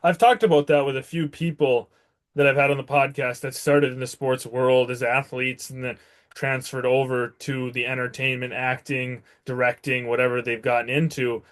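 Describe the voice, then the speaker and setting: Guy hosting a podcast, relaxed and friendly, plain middle voice. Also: medium pitch, moderate pace. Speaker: podcast host. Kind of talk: casual interview chat.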